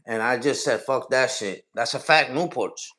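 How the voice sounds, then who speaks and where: A man's voice: medium pitch, normal speed, bright, forceful tone, a little hiss or hum. A man in his forties hosting a livestream, talking casually and profanely straight to his chat, rambling from point to point. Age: 40s. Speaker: livestream host.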